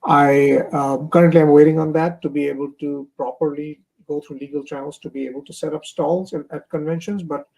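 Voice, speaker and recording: A man's voice: on the high side, fairly even intonation, fairly quick, vocal fry, hardly any pauses, a little mellow, poor audio. A young man from India, a comic artist, talking casually in an interview with many fillers and restarts over a remote stream call.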